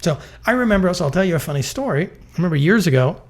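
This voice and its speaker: A man's voice: high voice, very fast. A middle-aged man, a real estate network executive, telling stories bluntly and emphatically in a business interview. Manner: emphatic, blunt, lively storytelling.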